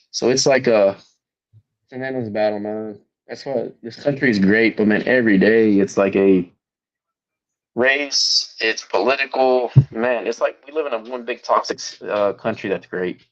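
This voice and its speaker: A man's voice: fairly low pitch, normal speed, highs cut off. A man chatting casually as a co-host on a stream, laid-back and reflective, often saying man. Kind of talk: casual chat.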